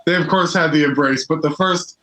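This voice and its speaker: A man's voice: a little high, a little fast, heavy background noise. A man co-hosting a casual watch-along chat, telling stories animatedly and swearing freely. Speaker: podcast co-host. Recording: echoey room.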